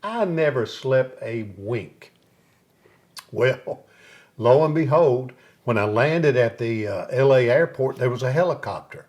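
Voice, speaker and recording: A man, a guest on a talk show, telling stories in a relaxed and lively way. His voice sits in an ordinary middle pitch, and he slips into the voices of the people in his stories as he tells them. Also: unhurried. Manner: lively storyteller who acts out other people's lines. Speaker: interview guest, singer. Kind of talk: storytelling in a casual interview.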